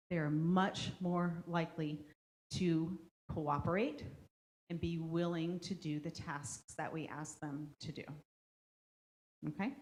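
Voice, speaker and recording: A woman leading a parent workshop in a school room, talking conversationally to the audience and checking in with a frequent "okay?" as she acts out what kids and parents say. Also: on the low side. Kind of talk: interactive parent workshop talk.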